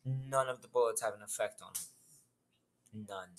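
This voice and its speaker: A man's voice: fairly low pitch, a little slow. Guy telling a made-up zombie story, swears a bunch, sarcastic asides, plain everyday voice. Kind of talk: improvised collaborative story.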